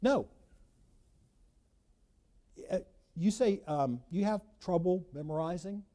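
Emphatic high-voiced male preacher. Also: takes it slowly. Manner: emphatic preaching, rising to loud bursts and dropping to quiet asides. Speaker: pastor. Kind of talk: sermon.

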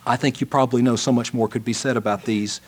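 Male preacher, sermon delivery, mid-pitched voice, dramatic swings in loudness. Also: steady tone, fast talker. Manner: dramatic storytelling, swings from loud to hushed.

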